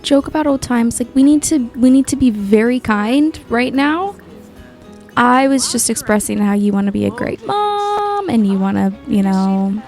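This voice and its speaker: A woman's voice: on the high side, animated, moderate pace, a little mellow, soft background music. A woman giving chatty, gushing commentary while playing a life-sim game, often exclaiming over what she sees. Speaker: gaming YouTuber. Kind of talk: casual gameplay commentary.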